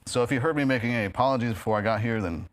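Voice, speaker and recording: A man's voice: mid-range voice, racing. A man from New York with a New York accent, giving a casual talk to a live audience at a meeting hall, chatty and full of fillers. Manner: chatty, many fillers, laughs at own jokes. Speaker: guest speaker. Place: meeting hall of a spiritist center. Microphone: handheld or stand microphone.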